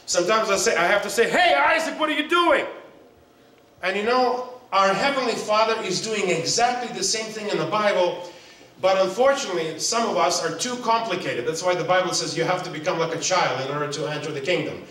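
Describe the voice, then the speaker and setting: Guy preaching, kinda high voice, big echoey hotel hall, mic sorta far. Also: fairly quick, few pauses. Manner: animated, shouts mock calls, asks audience. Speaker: seminar speaker. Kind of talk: sermon.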